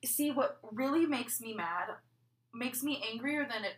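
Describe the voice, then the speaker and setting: A woman's voice: on the high side, animated, a little slow, recorded from a distance. A woman co-hosting a casual true-crime podcast, talking emphatically and swearing when she gets angry, recorded in a bathroom. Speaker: podcast co-host. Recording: echoey bathroom, off-mic.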